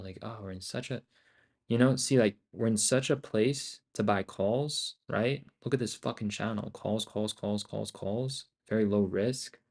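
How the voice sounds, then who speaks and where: Profane young man trading live, lowish voice. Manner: casual, profane, excitable, talks to himself. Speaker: day trader streaming live.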